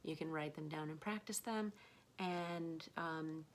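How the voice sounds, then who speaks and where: An American woman giving an online pronunciation lesson, speaking slowly and patiently, repeating words for learners to copy. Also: sits low. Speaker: English pronunciation teacher.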